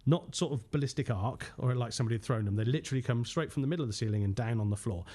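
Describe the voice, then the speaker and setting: A man who hunts ghosts trades lively stories in a relaxed podcast conversation, laughing a lot and performing the lines he quotes. His voice sits at a medium pitch, and he talks in rapid bursts.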